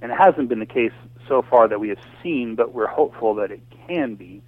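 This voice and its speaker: A man's voice: medium pitch, lively intonation, fairly quick, no room sound. Worked-up American man on a phone line. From United States. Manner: passionate, ranting, frequent restarts and fillers. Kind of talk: casual conversation over a call. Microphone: phone or voice call. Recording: tinny phone line, dry.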